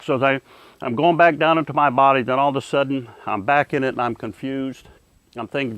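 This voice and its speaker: Older man, earnest halting testimony. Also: medium pitch, no echo. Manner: halting, repeats words when emotional; earnest, drops to a hushed voice at moving moments. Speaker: interviewee. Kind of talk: personal testimony.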